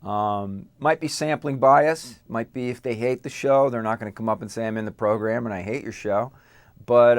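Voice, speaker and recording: A middle-aged actor chatting casually as an interview guest, with lots of fillers and restarts. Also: male voice, mid-range voice, clear, resonant tone, dry recording. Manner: halting, many fillers and restarts.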